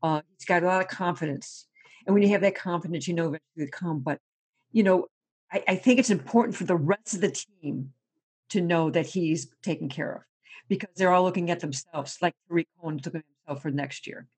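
A woman sports reporter chatting casually and telling animated stories, laughing often and repeating words as she goes. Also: lowish voice, fast, breathy edge.

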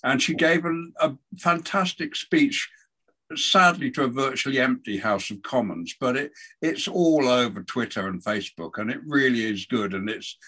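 A man's voice: medium pitch, lively intonation, moderate pace, bright, forceful tone. A man co-hosting a political chat podcast, talking casually and hesitantly, often repeating words. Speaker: podcast co-host.

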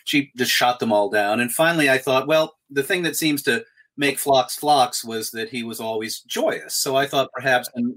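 A man telling a casual anecdote about an audition, animated and swearing freely, with squawks and impressions. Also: medium pitch. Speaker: actor guest on a panel.

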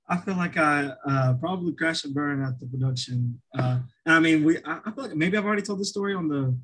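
A man's voice: a little high, fairly quick, fairly bright tone, low-quality recording. A young man co-hosting a podcast in casual chat, rambling and self-deprecating with lots of restarts and fillers. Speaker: podcast co-host.

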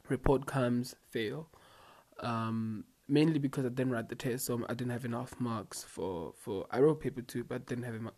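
A man's voice: medium pitch, darkish tone. A young man telling a casual storytime to his viewers, slangy and rambling, full of asides and fillers. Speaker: vlogger.

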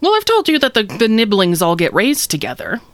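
An easygoing alien mother who sees herself as more of an aunt, hesitant and apologetic, leaning on fillers, as a player voices her in a tabletop game. The voice is mid-pitched and dry. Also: huge pitch swings, brisk, a bit bright, no echo. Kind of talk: tabletop role-play.

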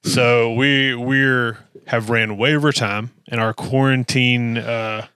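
A man's voice: mid-range voice, level tone, takes it slowly, bright, forceful tone, a little hiss or hum. A man hosting a podcast, chatting casually and wrapping up the episode with plugs. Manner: brief reactions, plugs the network. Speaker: podcast host. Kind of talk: casual chat and show outro.

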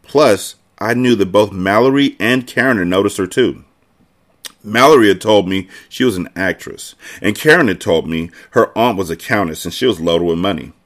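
A man, host of a podcast, reading a children's novel aloud with casual, expressive delivery. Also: on the low side, moderate pace. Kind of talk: book reading narration.

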